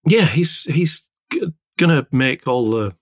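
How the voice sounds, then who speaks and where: A man's voice: mid-range voice, expressive, slow pace, dry recording, studio quality. A man co-hosting a podcast, chatting casually and rambling through stories with lots of self-corrections. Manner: rambling, self-interrupting storyteller. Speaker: podcast co-host, illustrator. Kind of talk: casual chat.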